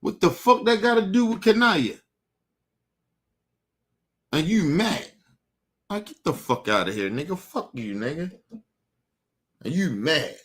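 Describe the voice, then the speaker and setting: Male host, furious streamed rant, swears constantly, calls out his target head-on, slightly raised pitch. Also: fairly bright tone. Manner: angry, profane and repetitive; confrontational, addresses his target directly. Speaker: show host. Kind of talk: heated monologue to the audience.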